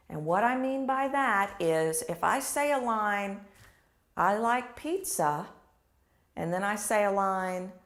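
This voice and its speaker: A woman lecturing on speaking technique, demonstrating her points out loud. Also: medium pitch. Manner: demonstrative, acting out examples. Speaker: instructor. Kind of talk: lecture to camera.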